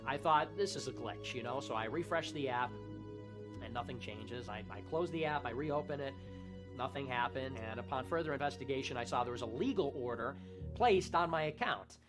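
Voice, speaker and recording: Man telling an animated personal story. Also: medium pitch. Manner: animated, acting out quoted dialogue. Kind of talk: storytelling monologue.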